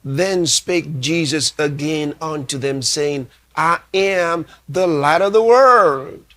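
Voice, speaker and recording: Slow, deliberate preaching pastor, man. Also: fairly high pitch, bright, forceful tone. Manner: emphatic preaching, repeating key phrases; reads scripture aloud slowly. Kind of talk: sermon.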